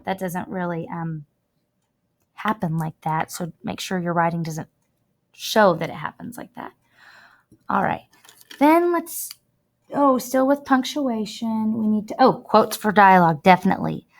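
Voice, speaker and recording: Woman teacher, mid-pitched, chatty and emphatic, talks students through a writing lesson. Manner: chatty, emphatic, drawn-out words when demonstrating. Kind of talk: classroom writing lesson over screen recording. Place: at a computer, recording her screen.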